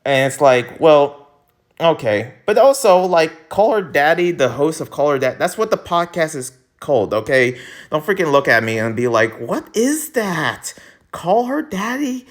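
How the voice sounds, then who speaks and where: Rambling, animated young man vlogging. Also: normal speed. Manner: rambling, animated, laughing, sudden jumps in pitch. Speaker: YouTuber host. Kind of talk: casual commentary vlog.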